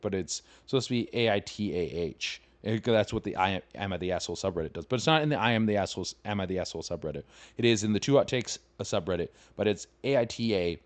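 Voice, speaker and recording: A young man hosting a podcast, retelling an online story in a casual, profane, rambling way and scoffing that it is fake. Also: lowish voice. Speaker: comedian podcast host.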